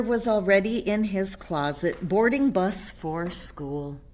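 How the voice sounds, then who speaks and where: Woman reading a kids book to camera, lively up and down voice, little whispered asides. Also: mid-range voice, slow. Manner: animated, with chatty whispered asides. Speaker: storyteller reading to a child. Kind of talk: reading a picture book aloud.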